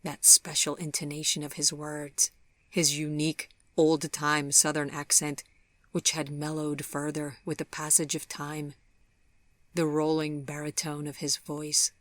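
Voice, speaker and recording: A woman narrating a storybook in a measured, softly dramatic way, sometimes dropping to a whisper. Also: sits low, completely flat delivery, no room sound. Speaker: audiobook narrator.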